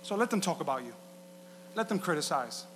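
A man's voice: a little high, very animated, brisk, a little hiss or hum. Impassioned male preacher in a reverberant hall. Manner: passionate, builds to shouts. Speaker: pastor. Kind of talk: sermon. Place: church sanctuary.

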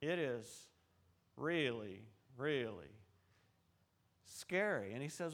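A man preaching a relaxed, conversational sermon in a church, telling stories and talking straight to the congregation. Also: on the high side, unhurried, long pauses. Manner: chatty and storytelling, with asides to the congregation. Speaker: pastor. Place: church sanctuary.

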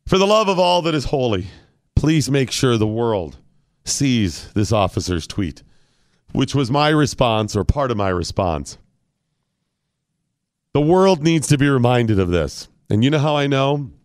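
A man's voice: medium pitch, sing-song, a little slow. A man hosting talk radio, ranting in a mock-dramatic, theatrical way. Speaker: radio host.

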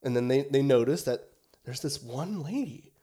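A man's voice: mid-range voice, animated, moderate pace, warm tone, breathy edge. A young man co-hosting a casual podcast chat, rambling with lots of fillers and swearing for emphasis. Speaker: podcast co-host.

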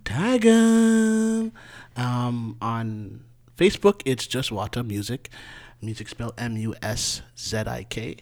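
Male guest, casual chat, quiet trailing delivery, average pitch. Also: unhurried, creaky. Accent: Trinidadian. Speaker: guest musician.

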